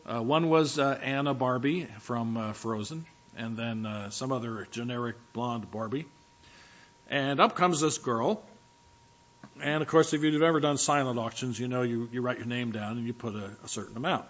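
A man's voice: mid-range voice, normal speed, fairly bright tone, highs cut off. A man preaching a sermon in a conversational, storytelling way, with frequent fillers. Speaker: pastor.

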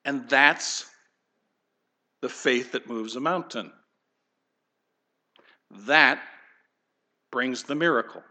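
A man's voice: mid-range voice, drawn-out words, pauses often, sharp tone. A middle-aged man, a pastor, giving a conversational sermon and putting questions straight to his congregation. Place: church sanctuary.

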